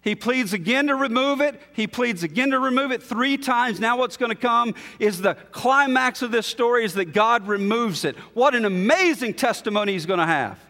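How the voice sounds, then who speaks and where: A male pastor preaches with a high, carrying voice that swells to emphatic high points and then falls back to low, quiet asides. His sermon rings through a church sanctuary, trailed by a long hall reverb. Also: lively intonation, normal speed, hardly any pauses. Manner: expository, rising to emphatic peaks, then dropping low.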